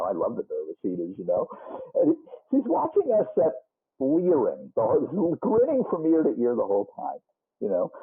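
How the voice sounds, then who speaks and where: Animated older man telling rock stories. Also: medium pitch, husky. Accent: Boston. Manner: animated, rambling with frequent restarts and asides. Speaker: musician interview guest. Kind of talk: casual storytelling interview. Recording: muffled phone-like band.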